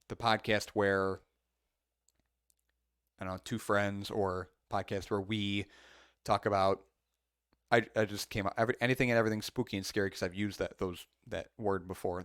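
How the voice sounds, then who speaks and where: A man with a fairly low voice co-hosts a casual podcast into a close mic, with no room sound around him. He talks in a loose, rambling way, trailing into fillers and restarting his sentences. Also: little pitch movement, normal speed, fairly bright tone, no room sound. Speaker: podcast co-host.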